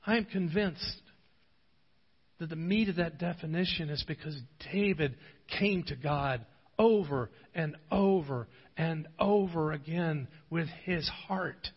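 A male pastor preaches in a church, his fairly high voice trailing into a long hall echo. The audio is a bit dull and muffled. He moves from fervent, pleading prayer to easy, conversational storytelling. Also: slow pace, breathy edge. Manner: passionate, swelling to pleading intensity in prayer passages; relaxed storytelling in anecdotes. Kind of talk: sermon. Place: church sanctuary.

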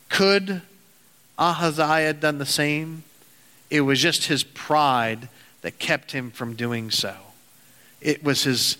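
A man preaching a sermon in an earnest, halting way with frequent restarts, telling a parable to his listeners. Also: fairly high pitch, pushed and bright. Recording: hall reverb.

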